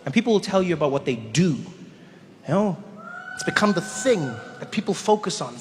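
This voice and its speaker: Man, stand-up comedian, animated storyteller, slightly high voice, long hall reverb. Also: brisk, a little hiss or hum.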